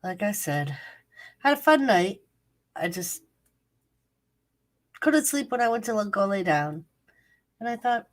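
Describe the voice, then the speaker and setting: Her nose stuffy, a channel host chats casually late at night from home, greeting livestream viewers by name. She has a mid-range, animated voice, speaks a little slowly with long pauses, and the mic sits at a distance.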